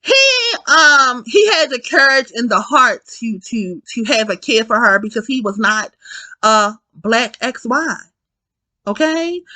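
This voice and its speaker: A woman giving a casual spoken film review, animated and profane, often repeating herself and correcting her words. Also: on the high side, dry recording.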